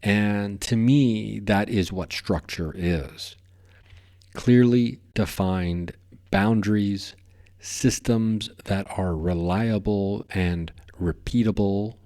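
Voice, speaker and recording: A man's voice: fairly low pitch, takes it slowly, warm tone. A man hosting a podcast, talking in a rambling, playful way and often tripping over his words. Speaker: podcast host. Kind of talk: casual podcast monologue.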